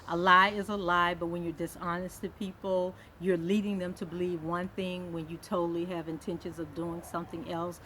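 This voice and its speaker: Woman vlogger with a slightly low voice doing a relaxed chatty TV recap, light background hiss. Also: poor audio. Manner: conversational, many "um" fillers, reads quotes aloud. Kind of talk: casual recap commentary.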